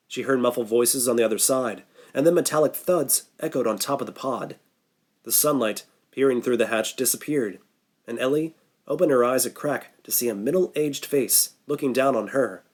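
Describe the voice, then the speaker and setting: A man narrating a horror novel audiobook in a steady, measured voice. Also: mid-range voice, breathy edge. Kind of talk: scripted narration.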